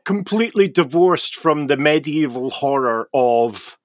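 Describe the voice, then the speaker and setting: A man's voice: on the high side, animated, a little slow, no echo, studio quality. A man co-hosting a casual podcast, the knowledgeable one, teasing dryly and explaining at length. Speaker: podcast co-host, the expert guest. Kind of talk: casual chat.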